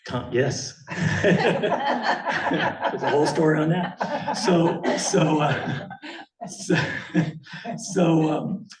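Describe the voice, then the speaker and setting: A Miami man in his sixties, a photographer appearing as a guest speaker, talks very slowly and very animatedly in a fairly high voice over a noisy crowd. He gives a casual, rambling slide talk in a meeting hall, full of fillers and chuckles, recorded from far off in an echoey space.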